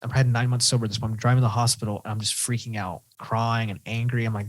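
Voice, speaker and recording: A man, a podcast guest candidly telling his own story and acting out his inner voice. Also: medium pitch. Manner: fast, animated storyteller who acts out his own inner voice.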